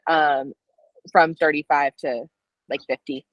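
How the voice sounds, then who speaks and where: A woman's voice: on the low side, normal speed, no room sound, highs cut off. Chatty woman telling stories, dry sound. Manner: chatty storyteller, many "like"s and restarts. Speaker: co-host, dietetics student. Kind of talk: casual live stream chat.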